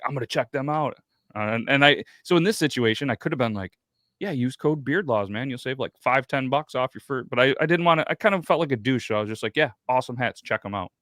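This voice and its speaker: A man's voice: medium pitch, a bit bright, no echo. Man, thirties, podcast host, profane storyteller, casual chat, dry room. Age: 30s.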